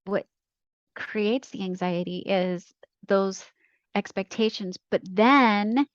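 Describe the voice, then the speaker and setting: A woman's voice: mid-range voice, slow, dry recording, dull audio. A middle-aged woman, a coach and podcast guest, chatting casually and affirming often with "right" and "you know". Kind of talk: casual conversation.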